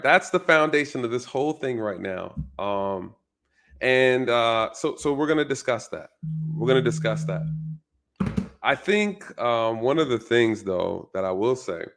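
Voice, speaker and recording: A male channel host giving a casual, reflective commentary monologue, often repeating his phrases and checking in with "right?". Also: medium pitch.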